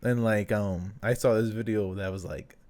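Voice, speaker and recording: A man co-hosting a podcast as a new father, talking in a casual, halting way, with plenty of fillers, a few Spanish words, and his own past thoughts acted out. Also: fairly low pitch, steady tone, a little mellow. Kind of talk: casual chat.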